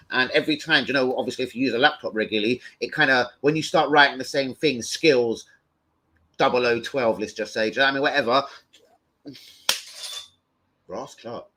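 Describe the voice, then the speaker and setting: Excitable sweary man hosting. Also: medium pitch. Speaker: host of a football fan show. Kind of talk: casual livestream chat.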